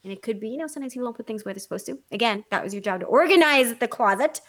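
A woman on a casual podcast chat, blunt and profane, telling animated stories about her employees. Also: fairly high pitch, rapid-fire. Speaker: podcast co-host, salon owner.

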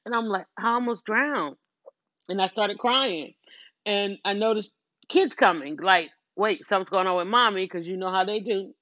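A woman's voice: medium pitch, no room sound, lo-fi sound. A woman telling a personal story in a casual monologue, earnest and rambling, with many restarts and asides to the listener.

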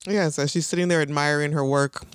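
A woman's voice: sits low, steady tone, a little fast, clear, resonant tone, no echo, studio quality. A woman co-hosting a casual podcast, recapping a TV episode, laughing often and acting out characters' lines in put-on voices. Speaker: podcast co-host.

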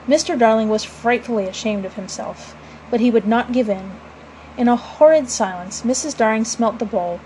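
A woman narrating a classic storybook aloud in a measured, expressive way. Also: a little high, slight background noise, rough recording.

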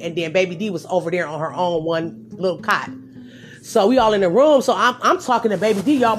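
A young adult woman casually telling a story to her viewers, with lively swings from loud outbursts to low asides. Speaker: storyteller vlogger.

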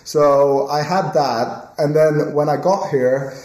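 A man's voice: on the high side, takes it slowly. Young Swedish-raised man chatting in echoey room. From Sweden. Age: young adult. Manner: animated storytelling, swears freely. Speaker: podcast co-host. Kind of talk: casual chat.

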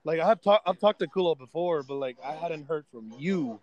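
A man's voice: a little high, animated, normal speed, muffled recording. A young man hosting a casual podcast, laid-back, swearing freely and calling his friend bro. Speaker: podcast host. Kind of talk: casual chat.

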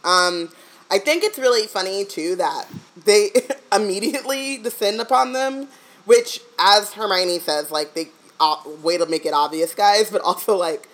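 A woman's voice: mid-range voice, unhurried, rough recording. A woman co-hosting a podcast in a casual, playful chat, joking and laughing often. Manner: playful, laughs a lot, jokes. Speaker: podcast co-host.

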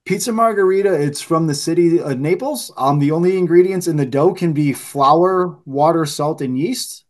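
A man telling loose, animated stories in casual podcast chat, swearing freely and saying "like" a lot. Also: on the high side, normal speed. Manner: loose, profane, heavy use of "like"; animated anecdote teller. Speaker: podcast guest.

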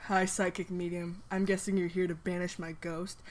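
A woman voicing a haggard, tired young man who hides his feelings and talks in a halting, defensive way. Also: on the low side, flat delivery, natural voice. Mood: guarded.

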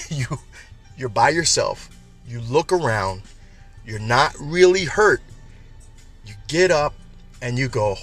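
A man's voice: medium pitch, expressive, slow pace, long pauses, a bit bright, soft background music. A man hosting a casual, uplifting message for his listeners, chatty and repetitive, often laughing at his own jokes. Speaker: podcast host.

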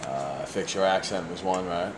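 A man's voice: deep voice, moderate pace, background noise. Crude joking man in an echoey room. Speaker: podcast co-host. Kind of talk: casual podcast banter.

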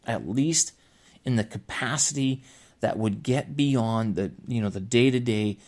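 A man who teaches English, hosting a solo podcast and talking casually. He rambles, restarts his sentences and fills pauses as he thinks aloud. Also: on the low side. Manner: rambling, with frequent restarts and filler. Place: lives in China.

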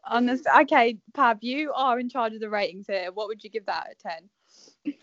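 A woman's voice: on the high side, fairly even intonation, normal speed, a bit bright, no room sound, muffled recording. A woman hosting a casual podcast game, bossy and teasing as she cheers others on. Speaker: podcast host running a game.

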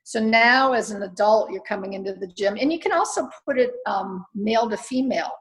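A woman who runs her own fitness studio speaks in a relaxed interview, her voice carrying a gravelly fry. She explains her views earnestly and encouragingly, pausing on fillers as she thinks. Her pitch sits in an ordinary middle range. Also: poor audio. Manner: earnest, encouraging, talks through ideas with many fillers. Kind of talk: casual interview answers.

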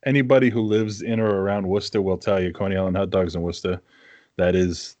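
A podcast co-host from Massachusetts talks fast in a deep, steady, darkish voice with a New England accent. The chat is casual, and he's blunt, teasing, and swears freely; the audio has no echo but the highs are cut off.

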